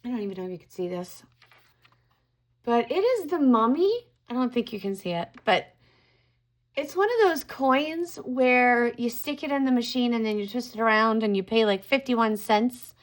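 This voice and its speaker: A woman's voice: on the high side, expressive, moderate pace. Musing woman reading tarot cards. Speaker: tarot card reader. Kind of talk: casual tarot reading to camera.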